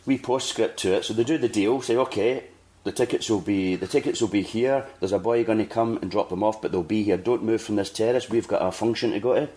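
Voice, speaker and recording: A man's voice: on the low side, fairly quick, warm tone. A Scottish man hosting a podcast, telling a long anecdote in casual chat and acting out the people he quotes. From Scotland. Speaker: podcast host.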